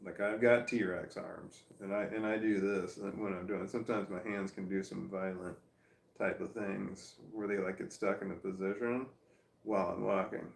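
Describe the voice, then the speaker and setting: Gravelly, rambling middle-aged man. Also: low voice, steady tone, moderate pace, echoey room. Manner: rambling, self-mocking, laughs often. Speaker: livestreamer reading chat. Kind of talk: casual rambling livestream chat. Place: room at home, seated in armchair. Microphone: phone.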